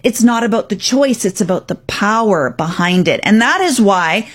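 A woman's voice: medium pitch, expressive, moderate pace, husky. A woman hosting a radio talk show, giving parenting advice in a firm, direct, coaching way.

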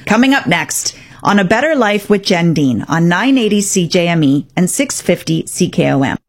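A woman's voice: lowish voice, sing-song, moderate pace. A woman hosting a radio talk segment as a parenting coach, speaking directly and emphatically. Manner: direct, emphatic, acts out parent and child quotes.

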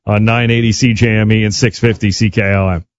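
A man's voice: lowish voice, level tone, brisk, muffled recording, a little hiss or hum. A man hosting a radio sports show, asking friendly and joking questions in a casual interview.

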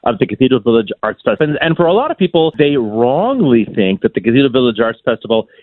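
An enthusiastic man from Saskatchewan chats freely as a radio guest, peppering his talk with fillers. His voice comes through a tinny, phone-like line with no room sound, sitting at an ordinary mid pitch. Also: big pitch swings, fast talker, no room sound. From Saskatchewan, Canada. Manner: enthusiastic, talkative, with frequent "you know" fillers. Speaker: musician guest. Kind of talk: casual radio interview chat.

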